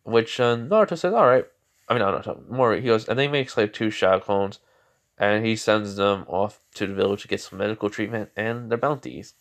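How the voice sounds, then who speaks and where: A man's voice: fairly low pitch, brisk. Rambling man retelling a fan story. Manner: rambling, with many fillers and self-corrections. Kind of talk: casual fan-fiction retelling.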